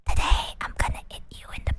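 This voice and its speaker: A woman voicing a mock ASMR streamer in a whispered role-play, with a faint breathy whisper. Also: fast, close to an everyday voice. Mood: hushed.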